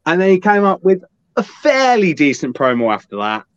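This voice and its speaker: A man's voice: high voice, very animated, normal speed, smooth. A man telling a profane, rambling anecdote on a podcast, slipping into quoted voices. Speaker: podcast guest. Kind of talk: casual storytelling. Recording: dull, slightly lo-fi dry sound.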